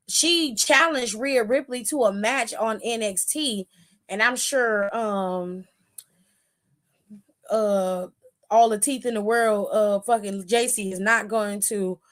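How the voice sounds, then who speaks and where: A young adult woman hosting a wrestling aftershow, talking straight to her viewers in animated, casual commentary with some swearing. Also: a little high. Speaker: wrestling show host.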